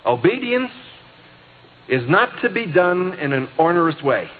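A man's voice: sits high, very animated, slightly rough, in a large hall. Emphatic preacher man on tinny tape. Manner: emphatic, stretching key words slowly. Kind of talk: sermon. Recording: tinny lo-fi tape with faint hiss.

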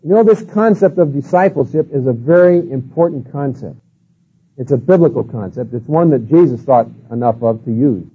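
Brief: husky male preacher, folksy and rambling, old lo-fi tape. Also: mid-range voice, expressive, moderate pace. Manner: folksy, storytelling with many "you know" and "uh" fillers. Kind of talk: sermon-style lecture. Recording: tinny phone-like old tape.

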